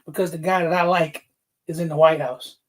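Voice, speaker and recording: A man's voice: fairly high pitch, steady tone, brisk. Man, livestream host, casual chat, greets viewers, fired up, laughs often.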